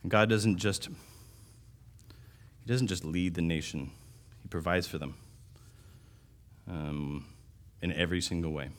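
A man's voice: sits low, fairly even intonation, normal speed, long pauses. A man preaching a sermon in a conversational way, restarting phrases and rising in volume for emphasis. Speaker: pastor.

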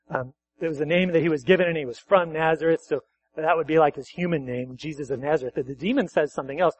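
High-voiced man preaching a sermon. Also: no room sound, muffled recording. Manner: conversational, self-correcting, asks the congregation. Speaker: pastor.

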